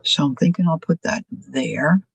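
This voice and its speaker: Slow, chatty woman crafting live. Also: deep voice, creaky, breathy edge, dry recording, low-quality recording. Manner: chatty, muses aloud, asks viewers questions. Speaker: craft live-stream host. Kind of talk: casual crafting demo, thinking aloud.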